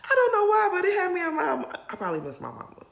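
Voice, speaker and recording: A reality TV commentary YouTuber recaps a show episode straight to camera, chatty and candid, calling her viewers "y'all" and showing her emotions openly. Her voice is extremely high and bright-ish, swooping wildly in pitch, fast, with vocal fry.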